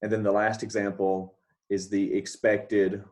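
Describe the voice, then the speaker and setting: A man delivers a recorded lecture in a fairly low voice. He walks through each step patiently, repeating key points and pausing to ask if it makes sense. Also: little pitch movement, a little mellow. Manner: explains step by step, repeats key points, asks checking questions. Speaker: economics lecturer. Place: talking over scribbled notes, not at a board.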